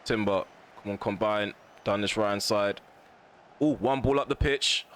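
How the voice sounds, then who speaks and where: A man with a fairly low voice commentates live on a football video game, venting his frustration at lazy players and the referee. His voice jumps higher at shots and goals, and a faint hum sits behind him. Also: moderate pace. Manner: excitable bursts at chances and goals. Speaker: gaming commentator.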